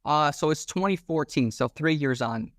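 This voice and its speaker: A man in his thirties with a somewhat high voice tells a story in a slangy, animated way, acting out what people said. The sound is close and dry, with no room around it. He talks like a podcast guest telling his own story. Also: moderate pace, no room sound. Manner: animated, slangy, acts out quoted dialogue. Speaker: podcast guest, former police officer. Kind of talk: casual storytelling interview.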